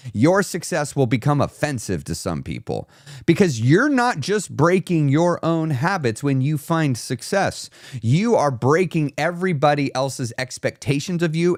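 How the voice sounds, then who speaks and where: A man's voice: fairly high pitch, no echo, clean studio sound. A man hosting a weight loss live stream, giving an emphatic, repetitive motivational talk and reading out viewer comments.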